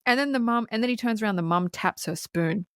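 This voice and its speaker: A woman co-hosting a podcast, excitedly retelling film scenes with plenty of swearing. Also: fairly high pitch, fairly quick, clear, resonant tone, no echo, studio quality. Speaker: podcast co-host. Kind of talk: casual film review chat.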